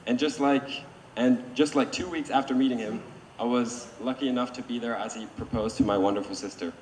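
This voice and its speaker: Man, bride's brother, short earnest wedding toast, slight stumbles, mid pitch, far from the mic, echoey room. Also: fairly even intonation, brisk, a little mellow. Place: wedding reception hall. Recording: distant voice in an echoey hall, faint noise.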